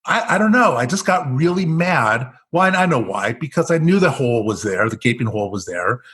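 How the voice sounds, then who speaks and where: A man's voice: mid-range voice, fairly quick. A man with an American accent, an executive coach telling stories in an interview, acting out the dialogue. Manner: animated storyteller acting out quoted dialogue. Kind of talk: storytelling in a podcast interview.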